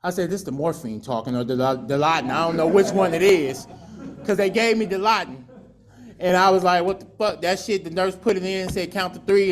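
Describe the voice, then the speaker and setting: A man sharing his recovery story at a meeting, candid and profane, acting out voices. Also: sits high. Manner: candid, profane, storytelling with laughs and acted quotes. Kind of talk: personal testimony at a recovery meeting.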